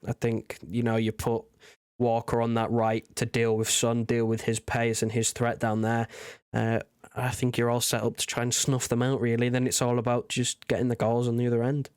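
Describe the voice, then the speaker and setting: A man with a smooth, clear voice, talking football analysis in a level, barely varying tone. He sounds measured and considered, recorded dry and close. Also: mid-range voice, completely flat delivery, darkish tone, no room sound. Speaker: podcast co-host. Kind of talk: casual football chat.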